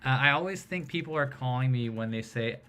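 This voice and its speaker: A man hosting a casual livestream chat, rambling and animated as he tells stories. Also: mid-range voice, fairly quick, faint music behind. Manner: rambling, animated storyteller who mimics voices.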